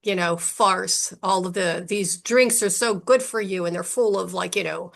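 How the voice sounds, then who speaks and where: Woman host, conversational storyteller, middle pitch, easy chat. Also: moderate pace, gravelly, fairly bright tone. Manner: chatty storyteller, many "you know" fillers. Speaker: podcast host. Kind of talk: podcast interview conversation.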